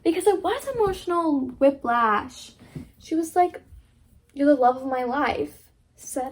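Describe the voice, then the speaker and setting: A woman's voice: high-pitched, expressive, measured pace, a little hiss or hum. A young woman vlogger in casual chat who keeps quoting herself and fills her talk with "like". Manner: chatty, quotes herself often, many "like" fillers.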